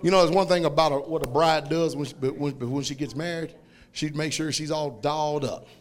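Loud, high-voiced preacher. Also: male voice, brisk. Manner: loud, shouting, laughing, animated storytelling. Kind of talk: fiery sermon.

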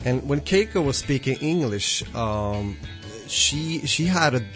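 A man in casual podcast chat, relaxed, often repeating a word as he starts a sentence. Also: mid-range voice, slow pace, soft background music. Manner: relaxed, stammers on repeated words, laughs along.

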